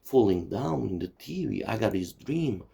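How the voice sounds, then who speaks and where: A man's voice: fairly low pitch, big pitch swings, moderate pace, vocal fry, mellow, husky. A man in his forties from Czechoslovakia, delivering a swearing, digressive monologue full of "you see" and "you know". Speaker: channel host. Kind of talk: profane rambling monologue.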